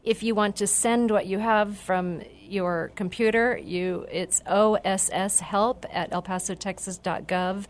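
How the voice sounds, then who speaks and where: A woman's voice: medium pitch, steady tone, unhurried, few pauses. A woman city official on a radio show, giving information in a matter-of-fact way. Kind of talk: radio interview answer.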